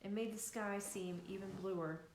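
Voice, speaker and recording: A woman author reads her novel aloud, easygoing and unhurried, her middle-pitched voice ringing in an echoey room. She stumbles and restarts a word now and then, keeping it relaxed. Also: a little hiss or hum. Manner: easygoing reading with small restarts. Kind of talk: live reading of a novel.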